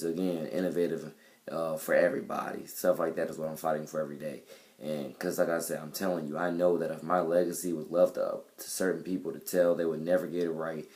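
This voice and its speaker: A young man with an extremely deep voice talks straight into his camera, rambling through his thoughts with plenty of fillers and false starts. His delivery stays flat and even, with little rise or fall. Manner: rambling, many fillers and restarts. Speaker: vlogger and musician. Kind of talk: casual spoken video diary. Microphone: camera mic.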